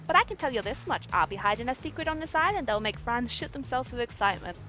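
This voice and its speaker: A woman plays a gruff, boastful male killer in a video game dating sim, slipping into a wobbly put-on Minnesota accent. The voice sits a touch high for a man. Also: big pitch swings, normal speed, fairly bright tone, soft background music.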